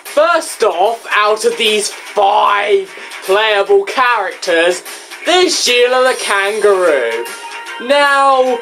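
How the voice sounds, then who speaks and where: A woman reviewing a video game in a sarcastic, ranting manner. Her pitch swoops widely as she fires off rhetorical questions, and she speaks in an unhurried, drawn-out way. Faint music plays behind her. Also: a bit bright. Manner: rhetorical questions and exasperated asides.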